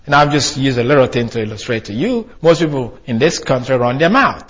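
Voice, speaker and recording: A man's voice: mid-range voice, lively intonation, fairly quick, few pauses, husky. A man preaching a sermon, emphatic, with hesitations and restarts as he reads and comments on quotes. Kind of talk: sermon with read-aloud quotes.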